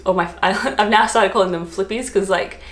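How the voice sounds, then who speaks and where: A woman's voice: mid-range voice, fairly quick. A woman with an Australian accent chatting to camera as a travel vlogger, giggly and full of "like" fillers. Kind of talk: casual chat to camera. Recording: roomy echo.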